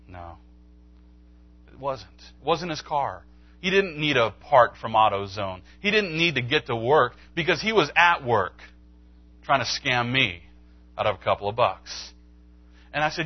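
In the sanctuary, a pastor tells a story as part of his sermon, voicing its characters with leaps in pitch. He goes at normal speed but pauses often, and the recording is dry and lo-fi.

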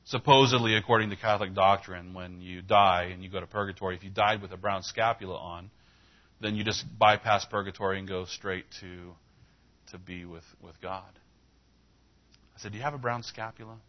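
A male pastor with a low voice delivers a sermon, slipping into a relaxed storytelling tone as he recounts a conversation. He pushes his emphasis higher when he presses a point. The recording is dull and a little lo-fi. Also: moderate pace. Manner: conversational, retells dialogue with rising emphasis.

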